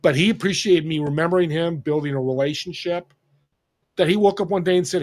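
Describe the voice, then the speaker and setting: A man in his sixties from Northern California, a podcast guest telling a story in an animated way and acting out the people he quotes. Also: fairly high pitch, fairly quick. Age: 60s. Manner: animated, acts out quoted dialogue. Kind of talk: casual storytelling.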